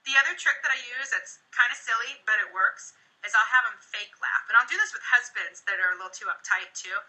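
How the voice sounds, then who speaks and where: A woman photographer giving live-stream tips, animated and acting out her shoot patter, recorded on a phone. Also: fairly high pitch, brisk, rough recording. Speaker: portrait photographer.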